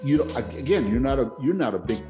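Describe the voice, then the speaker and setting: Rambling excitable man, casual chat. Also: medium pitch, fast talker, soft background music. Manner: rambling, excitable, many restarts. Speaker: podcast host. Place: lives in Japan.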